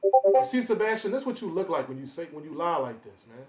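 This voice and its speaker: A man ranting on a live stream, confrontational and boastful, calling out chat members by name with loud bursts and drawn-out emphasis. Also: a little high, big pitch swings. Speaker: livestreamer. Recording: roomy echo.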